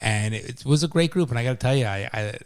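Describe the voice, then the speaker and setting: A man's voice: medium pitch, fast talker, clear, resonant tone. A man co-hosting a podcast in casual chat, often chiming in with short repeated agreements. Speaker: podcast co-host.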